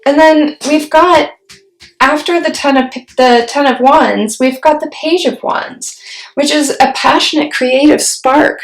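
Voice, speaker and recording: A woman giving a solo tarot reading, musing aloud and pausing to put questions to spirit as she turns the cards. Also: sits high. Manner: slow, musing, talks to spirit mid-reading. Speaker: tarot reader. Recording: roomy echo.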